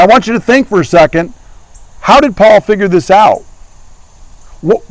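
A man's voice: high-pitched, no echo, rough recording. A middle-aged man preaching a sermon as pastor, earnestly asking his congregation questions as he teaches.

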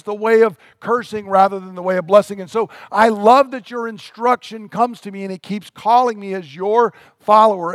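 A man's voice: high voice, no room sound, clean studio sound. A male pastor preaching an earnest sermon, emphatic and full of rhetorical questions.

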